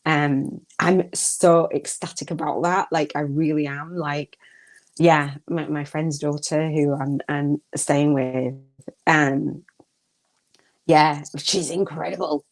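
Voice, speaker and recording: A woman's voice: sits low, fairly even intonation, slow pace. A middle-aged woman hosting a live gratitude talk, chatty, with many fillers and laughs. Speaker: podcast host.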